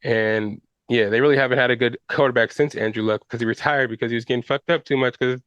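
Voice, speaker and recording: A man's voice: medium pitch, steady tone, quick pace, fairly bright tone, clean tone, no echo, dull audio. A man hosting a podcast, talking football casually in slang with fillers and restarts. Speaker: podcast host. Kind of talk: casual sports chat.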